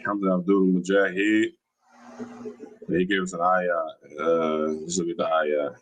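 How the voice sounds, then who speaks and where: A man's voice: sits low, level tone, unhurried, rough recording. Argumentative man on a livestream. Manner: argumentative, challenging, repeats himself. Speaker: livestream host. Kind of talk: religious livestream talk reading comments.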